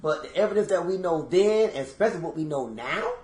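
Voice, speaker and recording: A man co-hosting a podcast, telling stories with emphasis and speaking straight to his listeners. His voice sits a little high, and the room gives it a noticeable echo. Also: expressive, fast, a little mellow. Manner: emphatic storyteller, addresses listeners as y'all. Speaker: podcast co-host. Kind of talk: casual chat.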